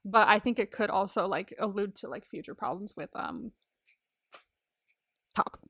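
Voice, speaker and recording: A woman's voice: medium pitch, lively intonation, moderate pace, vocal fry, a bit bright, husky, no echo, clean studio sound. A woman co-hosting a podcast, chatting casually and expressively, often laughing and exclaiming. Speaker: podcast co-host. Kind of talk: casual recap chat.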